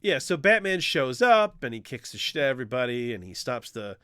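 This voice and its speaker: A man's voice: mid-range voice, big pitch swings, fairly quick, a bit bright, clean tone. A man co-hosting a podcast in casual chat, animatedly retelling a comic plot, swearing freely and acting out quotes. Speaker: podcast co-host.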